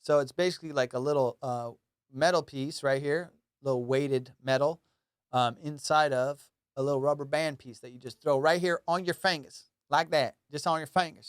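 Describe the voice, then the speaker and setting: A young man chats loosely and jokily on his own comedy podcast, high and rambling from one thought to the next. His voice is smooth and resonant at a middle pitch, and the sound is close and dry with no room around it. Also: no echo. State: high on cannabis. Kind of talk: casual solo podcast chat.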